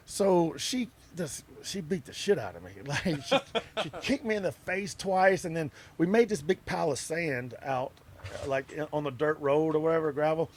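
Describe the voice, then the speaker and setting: A man's voice: fairly high pitch, expressive, normal speed, slight background noise. A middle-aged man, telling stories as an interview guest, often laughing and acting out other people's lines. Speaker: interview guest, wrestler and actor. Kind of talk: casual anecdotal storytelling. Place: outdoor music festival grounds.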